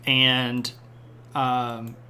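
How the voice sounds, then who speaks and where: A man's voice: medium pitch, monotone, very slow, bright, forceful tone. A man with an everyday mid-range voice talks through history in a loose, conversational way. He rambles and makes friendly asides to his viewers between points. He grew up in the Southern United States. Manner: rambling, chatty, responds to chat with asides. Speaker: history streamer. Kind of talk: casual live-streamed history lecture.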